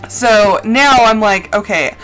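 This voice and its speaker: A woman's voice: medium pitch, takes it slowly, soft background music. A woman streamer chatting casually while playing a game, telling stories and acting out her own reactions. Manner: chatty storytelling, acts out her own shouting. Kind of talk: casual gaming chat.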